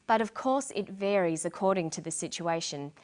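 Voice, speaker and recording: A middle-aged woman explains points of English to learners in a scripted lesson. She speaks clearly and deliberately. Her intonation moves lively up and down. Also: lowish voice. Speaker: English teacher presenter. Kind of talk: scripted educational narration.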